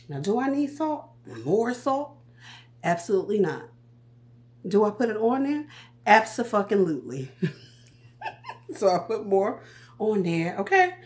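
A woman, chatting in a casual vlog with animated, profane storytelling. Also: medium pitch. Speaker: vlogger. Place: walking around.

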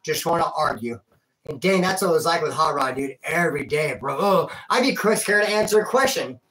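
A man's voice: a little high, lively intonation, fairly quick, fairly bright tone. A man telling a rambling personal story in a casual, slangy way, calling the listener dude and bro. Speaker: vlogger telling a prison and life story.

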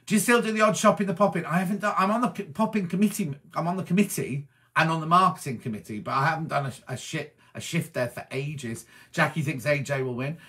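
A middle-aged man from Wiltshire in England, chatting as a presenter as he reads out viewer messages and answers each one with quick asides. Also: a little high, sharp tone. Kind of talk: casual chat reading viewer comments.

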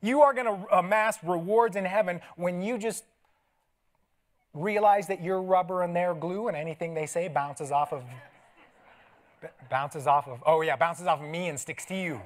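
Middle-aged guy pastor giving a sermon, lively storytelling, laughs a lot, goes quiet for asides. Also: high-pitched, normal speed. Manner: animated storytelling with laughs and sudden soft asides. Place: church sanctuary.

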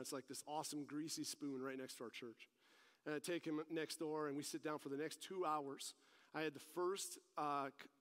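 A male pastor delivering a sermon that mixes teaching with personal stories, talking animatedly and pressing his points with rising emphasis. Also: fairly high pitch. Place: church service. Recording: long reverb of a large hall.

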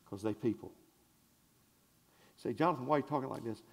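A male pastor preaching a sermon in a church, swinging from shouted declarations to hushed asides in a folksy, conversational way. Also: medium pitch, husky. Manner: conversational, drawn-out and folksy, with audience call-and-response.

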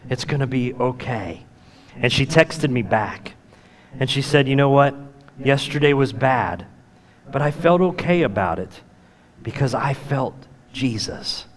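A male pastor preaching a sermon, telling personal stories in a plain, conversational way and dropping to a soft whisper at tender moments. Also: medium pitch, animated, a little slow. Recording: long reverb of a church hall.

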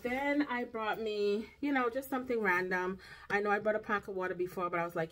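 A woman's voice: mid-range voice, steady tone, fairly bright tone. Chatty woman vlogger. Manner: chatty, drawn-out phrases, asks "okay?" often. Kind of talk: casual grocery haul chat. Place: home, indoors.

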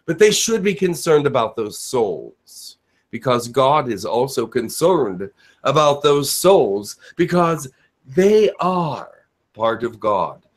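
A man speaking as the spirit Elijah in a channeled spiritual message, in a slow preaching cadence with dramatic pauses. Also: mid-range voice, sing-song. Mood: earnest. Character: Elijah, a male spirit giving a solemn message.

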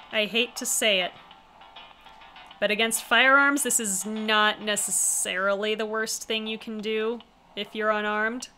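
A woman's voice: medium pitch, steady tone, slow pace, pauses often, sharp tone, soft background music. A woman streamer reading a visual novel aloud, with wry, chatty asides in between. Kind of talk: casual reading with commentary.

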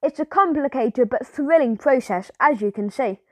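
Lady reading a stern proper tour guide lady, high and dry. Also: expressive, normal speed, dry recording. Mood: formal. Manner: stern, polite and formal.

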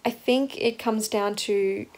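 A woman's voice: mid-range voice, fairly even intonation, slow pace, darkish tone, slight background noise, rough recording. A young woman vlogging candidly about life as a new mother, reflective and open, with ums and restarts. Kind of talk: casual personal vlog.

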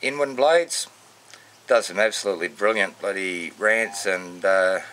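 A man with an Australian accent and a fairly low voice, chatting loosely and full of slang, like he's doing casual shout-outs to his mates. There is a faint hum of noise under him. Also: measured pace. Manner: matey, rambling, full of slang. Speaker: vlogger.

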